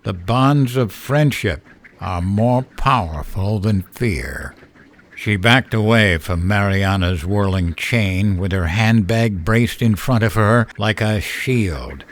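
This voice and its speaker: A man narrating a horror story in a slow, measured storytelling style. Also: fairly low pitch.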